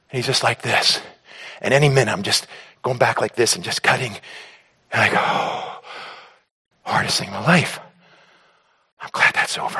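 A man telling a personal story to an audience on stage in an animated way, acting out scenes and often stammering and repeating words. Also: mid-range voice, moderate pace, pauses often, breathy edge. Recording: long hall reverb.

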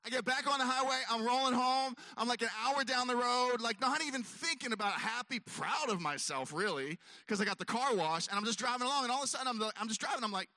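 A man's voice: very high-pitched, lively intonation, fast talker, hardly any pauses, pushed and bright, no room sound. A man telling a long self-mocking story on stage, acting out his own voice and others' as he goes. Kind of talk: stand-up storytelling.

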